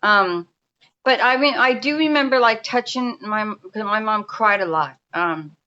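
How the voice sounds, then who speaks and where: Bright-voiced New woman in her fifties. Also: mid-range voice, unhurried, dull audio. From New York. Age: 50s. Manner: rambling, restarts often, speaks in a confiding way. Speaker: guest energy healer. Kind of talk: casual storytelling interview. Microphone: remote call.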